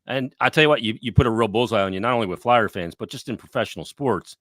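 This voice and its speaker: A man co-hosting a podcast, talking sports in a blunt, profane, animated way. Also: medium pitch, fast, no room sound, clean studio sound. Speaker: podcast co-host. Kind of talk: casual sports talk.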